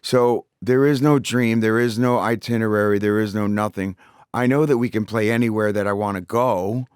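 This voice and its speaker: A man's voice: on the low side, steady tone, moderate pace, a little mellow, clean tone, dry recording. A man, a guest talking candidly in a studio interview, swearing freely and repeating words while he searches for them. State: recovering voice after vocal surgery. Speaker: interview guest, rock singer.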